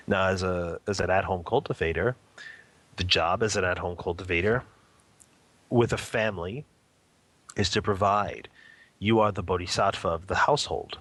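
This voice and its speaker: Low-pitched and fairly bright, this man's voice is unhurried with fairly even intonation and frequent pauses. He's an interview guest, a father and home meditation practitioner, giving casual teaching on family life and spiritual practice. He often chuckles and asks "okay?" or says "you know."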